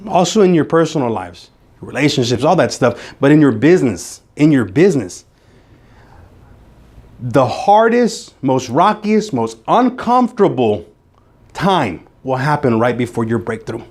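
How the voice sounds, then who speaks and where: A man's voice: mid-range voice, animated, normal speed, a little mellow. A man giving a motivational speech to a live audience in a meeting room, emphatic and repeating phrases for effect. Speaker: motivational speaker.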